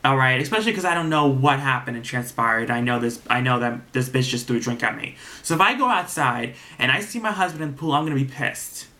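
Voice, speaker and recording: A man casually recapping a reality TV episode, animated and profane, acting out the cast's lines as he retells each scene. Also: mid-range voice, fast talker, hardly any pauses.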